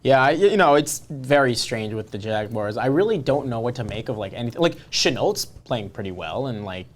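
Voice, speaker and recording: A man's voice: mid-range voice, expressive, brisk. A man co-hosting a casual podcast, talking in a loose, rambling way. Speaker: podcast co-host.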